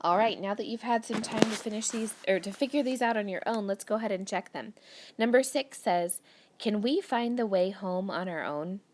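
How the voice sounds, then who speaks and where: A woman teacher with a darkish, mid-range voice speaks at a moderate pace, with a little hiss or hum in the recording. In this children's grammar lesson, she patiently reads worksheet sentences aloud to young students and explains each step.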